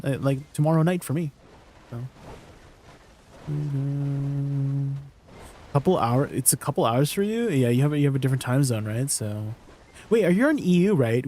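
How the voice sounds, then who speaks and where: A man's voice: fairly high pitch, mellow, a little hiss or hum. A man streaming a game, chatting casually and rambling, often asking his chat questions and laughing easily.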